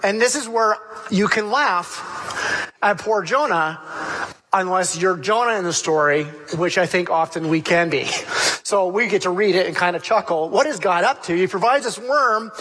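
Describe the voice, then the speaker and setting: Male pastor with a high, bright, sharp voice who preaches lively and acts out scenes. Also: unhurried, a little hiss or hum. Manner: animated storytelling, acting out the characters' lines. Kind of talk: sermon.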